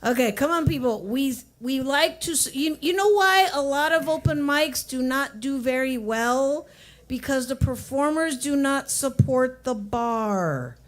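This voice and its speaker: A woman's voice: sits high, animated, measured pace. A woman hosting an open mic at a coffee shop, teasing the crowd and joking between acts. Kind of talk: emceeing a live event.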